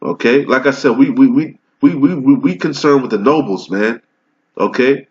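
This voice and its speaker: A man preaching fiery scripture teaching, asking rhetorical questions and answering them himself, sometimes reading verses slowly and deliberately. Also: mid-range voice. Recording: dull lo-fi recording.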